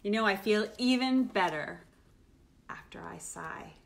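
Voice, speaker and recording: A middle-aged woman hosting a children's livestream, reading a picture book aloud at home in a playful, animated way and acting out the feelings. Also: mid-range voice, unhurried, gravelly. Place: at home, live streaming.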